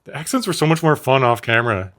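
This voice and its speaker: A man's voice: medium pitch, expressive, fast, fairly bright tone. A man co-hosting a podcast in casual chat. He jokes a lot, laughs often and plays with silly accents. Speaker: podcast co-host.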